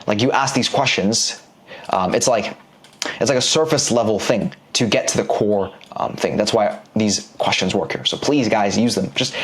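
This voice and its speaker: An emphatic young man giving a casual coaching lecture, talking in a mid-range voice. He swings his pitch up and down for emphasis and slips into quick impressions of other people. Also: animated. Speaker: online business coach.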